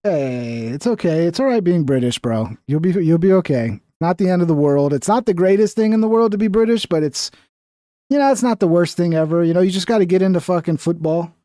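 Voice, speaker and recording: A man's voice: sits high, expressive, brisk, dark tone, no echo, studio quality. A man hosting a livestream, talking in a blunt, profane, rambling way. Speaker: livestream host. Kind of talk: casual livestream commentary.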